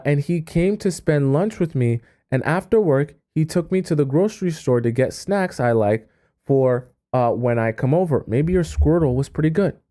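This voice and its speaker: Mellow-voiced male dating coach streaming. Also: a little high. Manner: reads viewer messages aloud and reacts in exasperated asides. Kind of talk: live-stream advice commentary.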